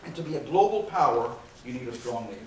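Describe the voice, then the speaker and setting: A man's voice: mid-range voice, expressive, fast talker, darkish tone. Male lecturer in a very echoey hall. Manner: conversational, frequent "okay" and "uh" fillers, dry sarcastic asides. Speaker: university lecturer. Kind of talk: classroom history lecture. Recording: very echoey hall, far from mic, faint hiss.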